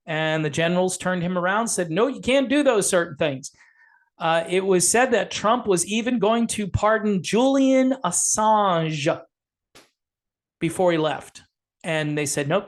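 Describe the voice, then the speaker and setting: A man talking straight to his viewers in a loose commentary video, sarcastic and rambling as he goes. His voice sits high for a man. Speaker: political commentator. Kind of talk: casual political commentary.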